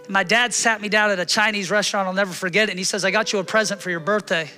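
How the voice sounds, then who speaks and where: A man in his thirties preaching a sermon, telling a personal story and acting out the scenes with animated delivery. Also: high-pitched, very fast, in a large hall, faint music behind. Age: 30s. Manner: animated, acts out his own shouting in the story. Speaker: pastor.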